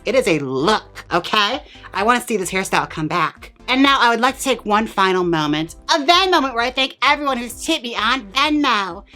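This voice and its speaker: Chatty bright-voiced man styling a wig. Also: high voice. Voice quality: chatty and playful, talks while styling. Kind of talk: casual tutorial chat.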